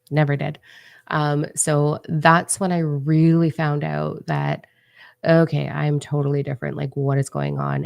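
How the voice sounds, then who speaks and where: A woman with a low voice and a gravelly edge tells her own story. She talks casually, full of fillers, and sounds lively and dramatic. The sound is dry, with no room echo. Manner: casual and animated, many "like" fillers. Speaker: spiritual channel host. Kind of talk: personal storytelling.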